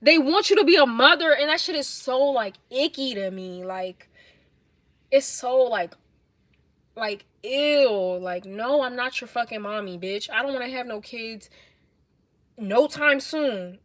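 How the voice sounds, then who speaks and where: A young woman with a New York accent, livestreaming and telling blunt, animated stories in casual chat. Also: on the high side, measured pace, dry recording. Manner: blunt, animated, swears a lot.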